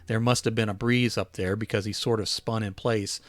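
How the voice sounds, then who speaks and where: Author reading his holiday story; low voice, dry close sound, unhurried with small restarts. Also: no room sound. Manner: relaxed reading with small self-corrections.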